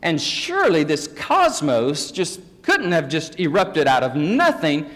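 Lively preacher in a reverberant church. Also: male voice, on the high side, unhurried. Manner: folksy, joking with the congregation. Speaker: pastor. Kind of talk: sermon teaching. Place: church sanctuary. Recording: long hall reverb.

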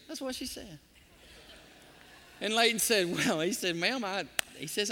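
This pastor's sermon is built on stories, which he tells animatedly while voicing the people involved. His voice is high and unhurried, broken by long pauses, and the acoustics suggest a big room.

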